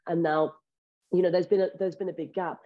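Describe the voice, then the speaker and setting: A woman actress being interviewed in casual chat, candid and quick, swearing now and then. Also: on the low side, fairly even intonation. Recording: dull lo-fi audio.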